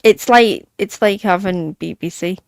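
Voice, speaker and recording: A woman guest on a talk panel, blunt and chatty, laughing as she talks. Her voice has a middle pitch. The sound is close and dry, with no room around it. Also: measured pace, vocal fry, no room sound. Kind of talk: casual chat.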